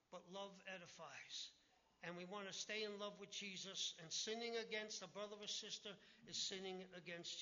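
A man with a high, bright, ringing voice preaches a sermon from the pulpit. He drives his points home with emphatic, animated delivery. The sound is muffled and lo-fi. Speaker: pastor.

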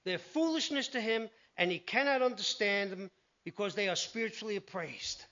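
A man preaching a sermon, animated, telling Bible stories and acting out the voices in them. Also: high-pitched, moderate pace. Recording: dull lo-fi recording.

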